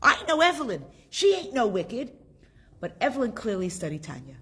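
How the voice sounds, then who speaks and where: Husky-voiced woman teaching a class. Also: a little high, moderate pace. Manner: lively, chatty, asks the class questions. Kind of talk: casual group class.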